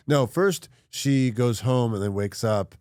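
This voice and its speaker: A man's voice: medium pitch, unhurried, a little mellow, clear, resonant tone, no room sound, studio quality. A man co-hosting a podcast, chiming in on a drama recap with wry jokes in casual chat. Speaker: podcast co-host.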